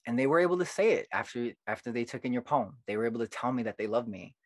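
A man, a poet guest on a podcast, telling stories in an earnest, animated way. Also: mid-range voice, fast talker, hardly any pauses, no room sound. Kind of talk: casual podcast conversation.

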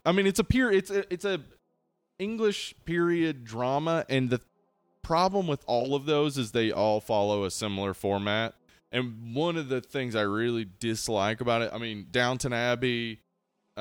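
A man's voice: medium pitch, clear, resonant tone, no echo. Podcast co-host, male, casual and rambling, dry close sound. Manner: laid-back, swearing, trailing off and restarting. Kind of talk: casual chat.

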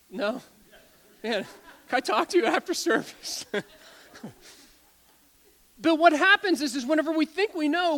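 A pastor in his forties delivers a sermon in a notably high voice for a man. He tells stories with animated energy, trips over his own words, restarts phrases and breaks into laughter. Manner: animated storytelling, stumbles and repeats words, laughs often.

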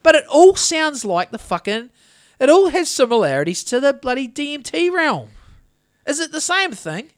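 A man with a fairly high voice rambles through a tale on a casual podcast, swearing freely. He sounds close and dry, with no room around him. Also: very animated, moderate pace, dry recording. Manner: rambling, swearing anecdotal storyteller. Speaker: podcast host.

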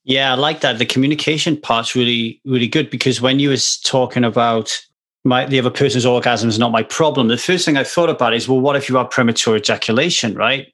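A man's voice: mid-range voice, a little fast, fairly bright tone. A man hosting a podcast, talking frankly and casually, with loose everyday swearing. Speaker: podcast host.

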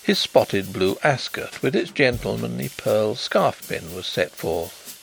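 Male audiobook narrator, steady storytelling, gravelly timbre. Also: fairly low pitch, rough recording. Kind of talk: scripted narration.

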